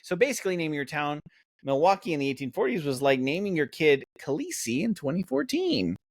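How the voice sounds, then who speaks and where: A young man riffs through a comedy podcast with a slightly high voice that swoops wildly up and down. He swears freely and reads out facts between jokes. The sound is close and dry. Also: very animated, fairly quick, dry recording. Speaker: podcast co-host. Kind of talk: casual comedic banter.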